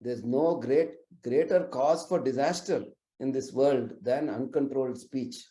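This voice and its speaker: A man voicing a calm, dignified elder king who admonishes with restraint, in a storytelling lecture. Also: medium pitch, measured pace, natural voice. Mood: admonishing. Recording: roomy echoey recording.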